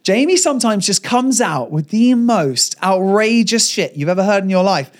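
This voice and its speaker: Brief: male podcast co-host, lively swooping delivery, playful anecdote teller. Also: high-pitched, normal speed. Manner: animated storytelling, playful. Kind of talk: casual chat.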